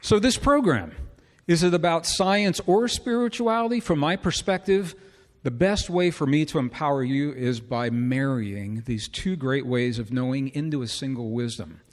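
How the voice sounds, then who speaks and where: A man's voice: medium pitch, moderate pace. A middle-aged man telling a personal story to a live audience in an earnest way, often asking the listeners rhetorical questions. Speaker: speaker. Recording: long hall reverb.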